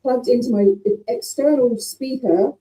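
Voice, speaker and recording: A woman's voice: on the high side, unhurried, mellow. A woman on a group video call, flustered and swearing as she stammers over her broken microphone, heard faintly through a distant laptop mic. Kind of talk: casual group video chat.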